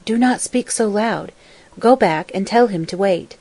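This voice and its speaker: A woman's voice: mid-range voice, measured pace, a little mellow, no room sound, poor audio. A woman reading as a frightened young wife. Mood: hushed.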